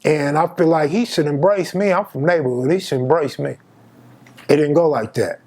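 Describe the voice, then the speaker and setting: A man's voice: a little high, normal speed. Slangy man telling a jail story. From Los Angeles. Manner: slangy, animated, acts out dialogue. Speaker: storyteller host. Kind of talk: casual storytelling.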